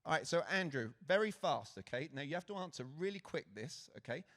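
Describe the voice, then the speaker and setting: Man, Britain-raised, slightly high voice, energetic conference speaker, audience-interactive. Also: a little fast. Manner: lively, engaging the crowd with questions. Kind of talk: motivational stage talk to an audience. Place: conference stage before a live audience. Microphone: handheld stage mic.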